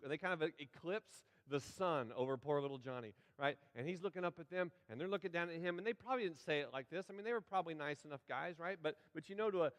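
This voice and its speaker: Folksy pastor telling a sermon story. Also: male voice, on the high side, quick pace, hardly any pauses. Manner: folksy storytelling, acting out characters with audience participation. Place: large church sanctuary. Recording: long hall reverb from the sanctuary.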